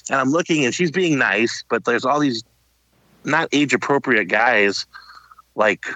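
A middle-aged man co-hosting a podcast, telling an anecdote in relaxed casual chat. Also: medium pitch, unhurried, no echo, low-quality recording. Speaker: podcast co-host.

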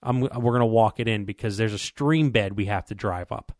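A man's voice: on the low side, brisk, darkish tone, dry recording, clean studio sound. A man casually telling a long hunting story, rambling and stumbling over repeated words while acting out what people said to him.

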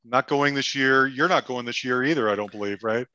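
A man's voice: medium pitch, fairly quick, bright, forceful tone, no room sound, highs cut off. A man hosting a podcast, chatting casually and reacting with short, encouraging remarks. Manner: brief encouraging interjections. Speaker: podcast host. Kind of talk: casual chat.

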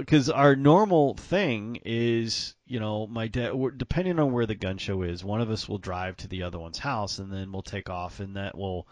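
Lower-voiced man telling a rambling story. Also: dry recording. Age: adult with grown-up parents. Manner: rambling, animated, laughs often. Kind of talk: casual storytelling chat.

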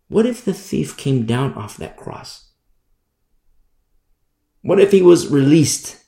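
A male preacher delivers a sermon in a loose, conversational style, often restarting phrases and dwelling on single words. His delivery rises and falls with lively shifts in pitch. The sound carries a roomy echo. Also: takes it slowly, gravelly.

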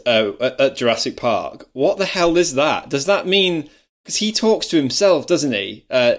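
A man, co-hosting a podcast in a casual film chat and often laughing as he talks. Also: medium pitch. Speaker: podcast co-host.

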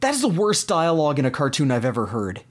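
Man, casual chat, exasperated, animated, swooping intonation. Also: fairly high pitch, quick pace. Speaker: podcast co-host.

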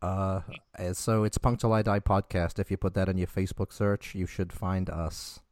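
A man with a faded British accent co-hosting a podcast, relaxed and easygoing, with a sore throat. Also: deep voice, moderate pace, dry recording, clean studio sound. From England. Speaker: podcast co-host. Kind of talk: casual chat. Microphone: remote call recording.

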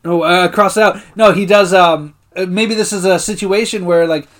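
Woman with a lowish voice, chill podcast banter, laughs a lot, trails off. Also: fairly even intonation, normal speed. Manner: laid-back, laughs often, trails off mid-thought. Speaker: podcast co-host. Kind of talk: casual recap chat.

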